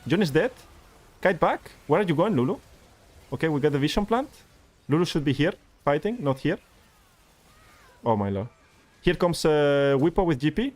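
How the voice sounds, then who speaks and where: A man's voice: fairly high pitch, normal speed, pauses often. Exasperated male coach. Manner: exasperated, animated critique. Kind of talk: live-streamed gameplay review.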